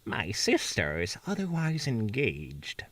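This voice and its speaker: A man's voice: on the low side, wildly swooping pitch, slow pace, fairly bright tone, dry recording, heavily acted. A man voicing a stern, regal female princess pony in a haughty, imperious way, heard a little distant from the mic.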